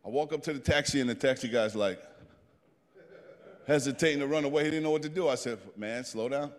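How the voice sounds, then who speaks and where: A man in his fifties from New Jersey telling an animated, plain-spoken story as a guest speaker to a group. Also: a little high, fast talker, long reverb tail. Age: 50s.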